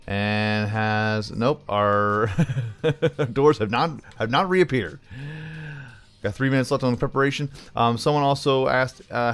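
Low-voiced man narrating his gameplay. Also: clean tone. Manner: chatty, thinks aloud while playing, says "bro". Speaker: gaming channel host. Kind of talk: casual let's-play commentary.

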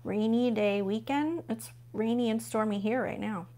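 A chatty woman hosts a relaxed live stream from home. Her voice sits a little high, and she gushes over each new find while chatting with her viewers. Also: moderate pace. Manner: gushing, chatty, talks to viewers while flipping pages. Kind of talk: casual live unboxing chat.

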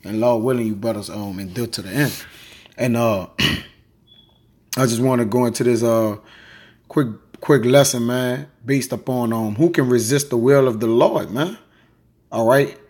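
A man teaching a quick, informal scripture lesson, reading verses aloud and peppering his talk with "man" and "all right". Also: medium pitch, a little mellow, slightly rough. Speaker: Bible teacher.

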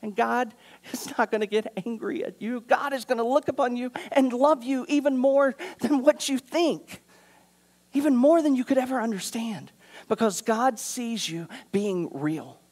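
A man pastor preaching a sermon in a church, earnest, moving from urgent appeals to hushed, quiet passages. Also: very high voice, moderate pace. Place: church sanctuary.

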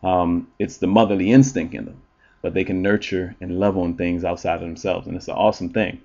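A man who works as an entertainer and relationship show host, talking in a blunt, profane, animated monologue with frequent ums. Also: sits low, fairly quick, vocal fry, highs cut off. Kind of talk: casual monologue.

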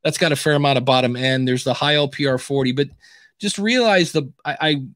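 A man hosting a podcast advice show, chatting in a lively, animated way with frequent restarts. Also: medium pitch, brisk, no room sound, studio quality. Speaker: podcast coach and host. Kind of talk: casual podcast advice chat.

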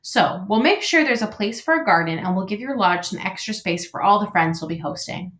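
A woman's voice: mid-range voice, animated, brisk, a bit bright, close to an everyday voice. A woman voicing a friendly, talkative male beaver builder with a folksy manner, in an echoey room. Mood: chatty.

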